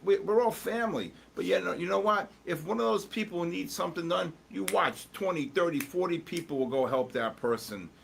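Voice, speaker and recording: A man's voice: sits high, brisk, creaky, few pauses, slight background noise. A man hosting a live trading stream, chatting casually and joking with viewers while calling out market moves. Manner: rambling, jokey, answers chat while watching charts. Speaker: livestream host.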